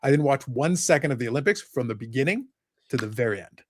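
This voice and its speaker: A man's voice: mid-range voice, expressive, fast, slight background noise. A man hosting a live podcast, talking casually in a rambling, sarcastic, joking way. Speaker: podcast host.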